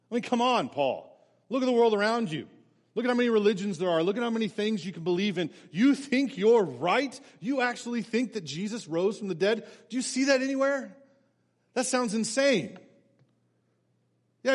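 A loud, scoffing governor, as a preacher puts him on, mocking and incredulous. He talks up high and pushes the voice. Long church-hall reverb trails every line.

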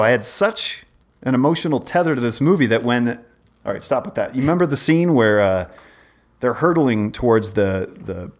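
A man in his forties, a podcast co-host, telling a long rambling story in casual chat, often breaking off and restarting. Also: mid-range voice. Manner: rambling, self-interrupting storyteller.

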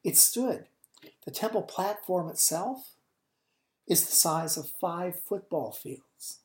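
A woman preacher with a low, dark, mellow voice tells a scene as a story during a sermon. She swings between booming emphasis and near-hushed lines to paint the moment vividly. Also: lively intonation, slow pace.

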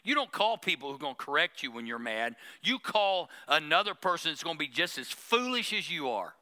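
A male pastor delivers a sermon to his church, teasing the crowd with humor. His voice is bright and crisp, sitting a little high for a man. He keeps it lively and pointed. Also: a little fast, hardly any pauses. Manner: preachy, humorous, acts out mocking prayers.

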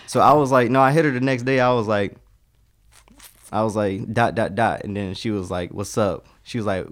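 A young man from Detroit, US, speaks at a normal speed in a fairly low voice. As a guest in casual chat, he tells rambling, profane stories and acts out the dialogue.

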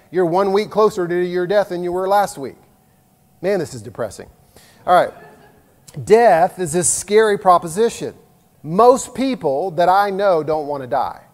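Earnest middle-aged pastor, higher voice. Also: male voice. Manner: earnest, conversational, swings between loud and hushed. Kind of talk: sermon. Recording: long reverb of a large hall.

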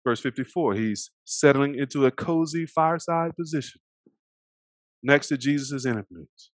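A man preaching a sermon, animated, swinging between loud emphasis and hushed moments, sometimes acting out the voices of the people in the story. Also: mid-range voice, normal speed, no echo. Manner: animated, acts out voices of the characters.

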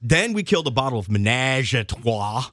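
Lively joking man, dry sound. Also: mid-range voice, moderate pace, dry recording. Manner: jokey, animated storytelling. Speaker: podcast host. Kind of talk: casual chat.

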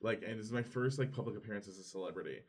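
A man chatting as a podcast guest, telling rambling anecdotes in an animated way. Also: lowish voice, very fast. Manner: animated anecdotes, acts out quotes; loose, rambling with fillers. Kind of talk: casual storytelling chat.

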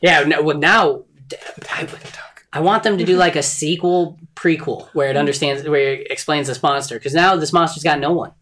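A man's voice: fairly high pitch, steady tone, normal speed, fairly bright tone. Laid-back profane man talking movies. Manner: loose, profane, laughing, puts on voices. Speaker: podcast co-host. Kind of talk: casual movie discussion.

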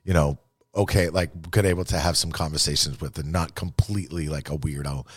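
A man's voice: rumbling low, steady tone, a little fast, breathy edge, no room sound, clean studio sound. A man telling a rambling, profane, self-deprecating story in casual podcast talk.

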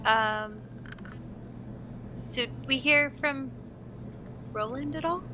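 Slow, tentative woman at a tabletop game. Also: sits high, noisy background. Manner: tentative, many fillers. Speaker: player. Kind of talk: casual tabletop role-play.

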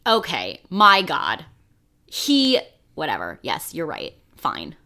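A woman's voice: sits low, wildly swooping pitch, takes it slowly, pushed and bright. A woman co-hosting a podcast in casual chat, blunt and opinionated, swearing freely. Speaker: podcast co-host.

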